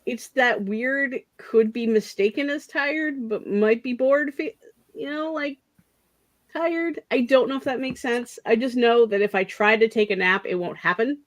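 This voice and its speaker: A woman's voice: fairly high pitch, normal speed, no echo. A young woman hosting a casual productivity stream, chatting in a rambling way and laughing often, sounding drowsy. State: yawning, drowsy. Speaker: streamer host. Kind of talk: casual chat.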